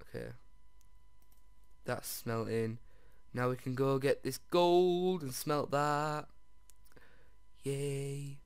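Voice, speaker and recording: A man giving let's-play commentary as he plays, excitable, often jumping to squeals over finds and talking straight to his viewers. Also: medium pitch, drawn-out words, long pauses, clear, resonant tone, no room sound. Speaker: video game player.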